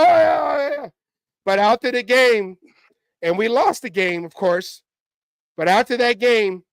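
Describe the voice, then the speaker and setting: A man co-hosting a casual sports talk show, telling stories in a lively, rambling way and acting out crowd chants. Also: high voice, clear, resonant tone, no echo. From Oakland area, California. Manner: animated, acts out chants in his stories. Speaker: podcast co-host. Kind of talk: casual storytelling chat.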